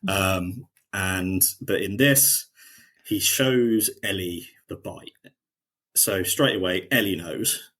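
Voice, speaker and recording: A man's voice: low voice, slow pace, a bit bright. A man, co-hosting a podcast and casually retelling scenes from a show. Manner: retelling scenes, quoting characters in a lighter voice. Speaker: podcast co-host. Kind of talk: casual chat.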